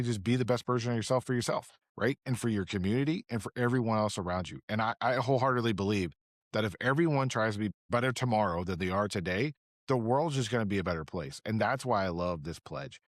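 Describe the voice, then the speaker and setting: Male podcast host, eager and audience-facing; lower pitch, dry close mic. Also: dry recording. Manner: enthusiastic, talks straight to the audience. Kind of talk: casual interview talk.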